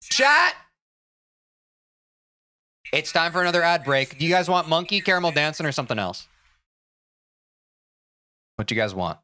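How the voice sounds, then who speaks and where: A man's voice: a little high, lively intonation, fairly quick, long pauses, pushed and bright. A young man livestreaming a game, chatting casually with viewers, self-mocking and swearing freely. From United States. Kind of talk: casual chat with viewers while gaming.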